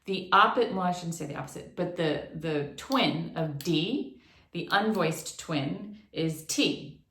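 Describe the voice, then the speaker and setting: A woman gives an online singing lesson, explaining articulation in a plain, even voice. Every so often she sings short demonstration syllables. The room around her is echoey, with a noticeable ring. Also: fairly low pitch, unhurried. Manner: explanatory, breaks into sung demonstrations. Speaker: vocal instructor.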